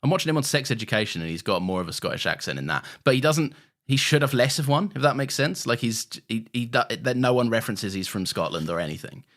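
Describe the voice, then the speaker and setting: A man's voice: medium pitch, sing-song, fast talker, fairly bright tone. A man co-hosting a rewatch podcast in casual chat, talkative, with frequent stammered restarts. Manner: chatty, stammering restarts, laughs easily. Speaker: podcast co-host.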